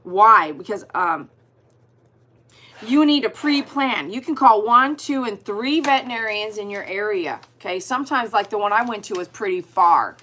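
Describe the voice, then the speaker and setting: A woman chatting casually with viewers on her livestream, animated and exclaiming as she reads comments aloud. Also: mid-range voice, moderate pace. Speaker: dog groomer hosting a livestream.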